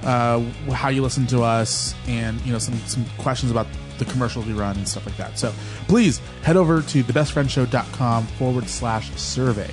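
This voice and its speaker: A man's voice: mid-range voice, moderate pace, soft background music. A man co-hosting a casual podcast, joking around, laughing often and fumbling his words. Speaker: podcast co-host.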